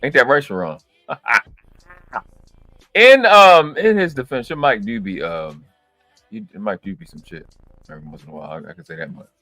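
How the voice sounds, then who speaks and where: A man hosting a live reaction stream, ranting in a profane, exasperated, slang-heavy way, swinging from loud outbursts to low mutters. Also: big pitch swings, moderate pace, long pauses, dry recording, soft background music.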